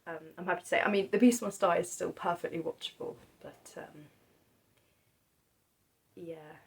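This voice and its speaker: A woman chats on her own about films she loves. She speaks softly and hesitantly, stopping often and restarting her sentences. Her voice sits a little low. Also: normal speed, gravelly, poor audio. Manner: hesitant, many ums and restarts, soft-spoken. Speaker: film vlogger. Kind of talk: casual monologue about films.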